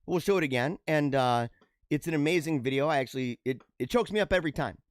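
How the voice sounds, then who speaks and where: A man hosting a casual livestream show, reading out viewer comments and chatting back in an animated way on a radio-style mic. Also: fast talker, no echo, clean studio sound. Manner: animated, talks with feeling, drops pitch low for asides. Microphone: radio-style studio mic.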